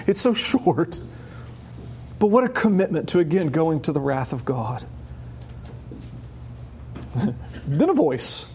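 Male preacher, high tenor, lively verse-by-verse sermon with playful voices. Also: moderate pace, husky. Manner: animated, acting out voices with sudden high squeals. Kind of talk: expository sermon.

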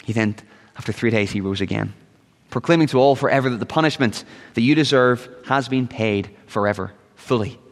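A man's voice: mid-range voice, fairly quick. A man preaching a sermon as pastor, earnest and at times rising into urgent, pleading appeals. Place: church sanctuary. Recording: long reverb of a church hall.

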